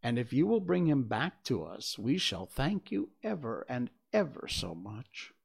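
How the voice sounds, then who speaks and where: A man's voice: mid-range voice, sing-song, a little slow, vocal fry, husky, heavily acted. A man voicing an eager, polite young girl in a storybook reading.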